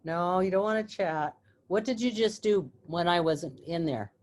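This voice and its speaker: A woman with a low voice leads a group on a video call. She talks plainly and practically as she sorts out the meeting settings. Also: animated, normal speed. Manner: practical, sorting out software problems. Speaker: book study group leader. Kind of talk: casual talk on a video call.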